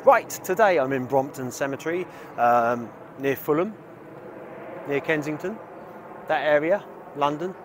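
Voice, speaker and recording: A man's voice: mid-range voice, slight background noise. A man hosting a casual vlog outdoors in a cemetery, talking in a chatty, rambling, self-deprecating way. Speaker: vlog host. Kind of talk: casual walking-tour vlog. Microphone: small clip-on microphone. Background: faint outdoor ambience with crows.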